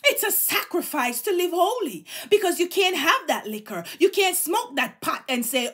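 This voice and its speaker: A middle-aged woman delivers a sermon with fervent, exhorting energy. Her voice sits high, and she drives her points home by repeating phrases again and again. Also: very animated, measured pace, hardly any pauses, bright, forceful tone. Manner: fervent, exhorting, emphatic repetition. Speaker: preacher.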